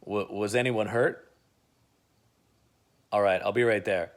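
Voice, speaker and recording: A man's voice: lowish voice, steady tone, a little slow, close to an everyday voice. A man voicing a cold, calculating adult male villain with curt, detached lines, close to his own voice.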